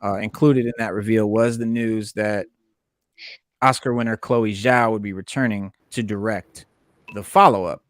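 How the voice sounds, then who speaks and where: A man's voice: fairly low pitch, steady tone, moderate pace, dry recording. A man hosting a casual podcast, reading news items with lots of filler words. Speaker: podcast host.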